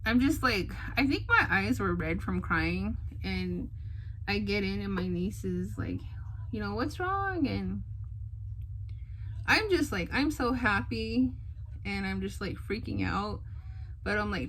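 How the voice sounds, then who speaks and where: A young woman tells a personal story to her camera in an easy, chatty way. She is animated and jumps into other people's lines as she goes, with plenty of fillers. Her voice sits at an ordinary middle pitch. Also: measured pace, slight background noise, rough recording. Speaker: vlogger. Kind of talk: casual storytelling.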